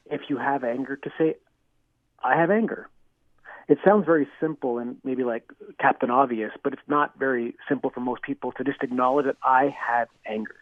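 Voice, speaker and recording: A man's voice: mid-range voice, dry recording. Man explaining over a phone line. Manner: earnest, explanatory, many restarts and "you know". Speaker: clinical psychologist guest. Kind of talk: radio interview answers. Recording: dry tinny phone line.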